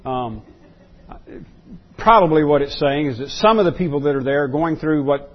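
A male pastor delivers a sermon in a slightly higher, husky voice. He stumbles and restarts often, repeating key words to drive the point home. The recording sounds dull and lo-fi. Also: expressive, normal speed.

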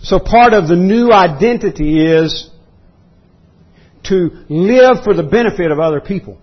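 Male pastor, sermon, slightly high voice, husky, emphatic, clears throat often. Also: animated, a little slow, dull audio. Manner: emphatic preaching that rises into voiced outbursts. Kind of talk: expository sermon.

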